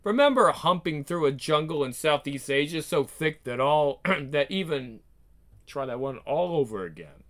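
A man voicing a weary, menacing male spirit of a soldier, speaking in a low, intimate, taunting way. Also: animated, moderate pace, fairly bright tone. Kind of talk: one-man script reading.

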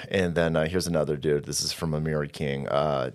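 A man's voice: very deep voice, fairly even intonation, a little fast, hardly any pauses. A man giving heated, sarcastic and profane commentary as he reads out posts. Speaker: online political commentator. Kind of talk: ranting commentary reading out posts.

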